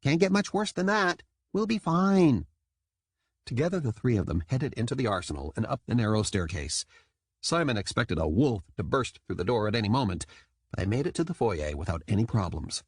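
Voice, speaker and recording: Husky male audiobook narrator. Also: fairly low pitch, brisk, no echo. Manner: lively, switches into character voices.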